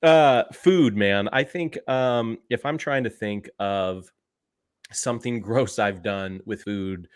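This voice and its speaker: A man in his thirties, a podcast co-host, telling a story in an animated, sarcastic way and laughing at his own stories. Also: fairly low pitch, slow pace, clear, resonant tone. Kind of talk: casual chat, storytelling.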